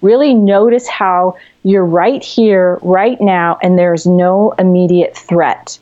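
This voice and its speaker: A woman therapist on an interview, explaining calming techniques in a gentle, explanatory way with frequent fillers and restarts. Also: fairly low pitch, takes it slowly, lo-fi sound. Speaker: therapist guest. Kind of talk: conversational teaching.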